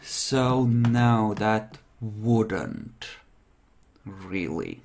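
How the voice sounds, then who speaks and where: A man running a tabletop role-playing game on a stream, relaxed and thinking aloud as he narrates and checks the rules. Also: on the low side, extremely slow, creaky. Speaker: game master.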